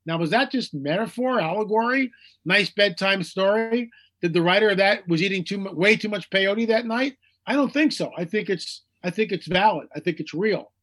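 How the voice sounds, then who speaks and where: A man's voice: sits high, moderate pace, a bit bright. A man from the United States, speaking as a guest in an interview with emphatic repetition and mocking quoted voices. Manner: emphatic, repeats phrases for effect. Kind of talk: animated interview talk.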